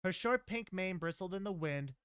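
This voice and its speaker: A man reading a story aloud and breaking off for excitable commentary with laughing asides. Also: high-pitched, normal speed, smooth, no room sound, studio quality.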